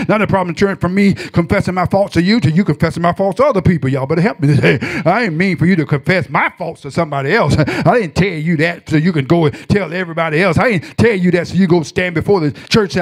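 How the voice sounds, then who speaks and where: Preaching pastor, rising to shouts. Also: male voice. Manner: call-and-response preaching, swings between lively shouts and low asides. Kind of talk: sermon.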